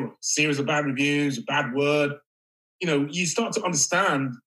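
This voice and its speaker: A male actor speaking as an interview guest, halting and reflective, with casual swearing. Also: a little high, bright, forceful tone, rough recording. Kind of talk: candid interview conversation.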